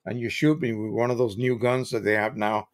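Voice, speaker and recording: A man's voice: medium pitch, level tone, a little fast. Chatty American man hosting a live tutorial. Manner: chatty, explains with examples, frequent restarts. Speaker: live stream host. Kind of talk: casual live-stream tutorial.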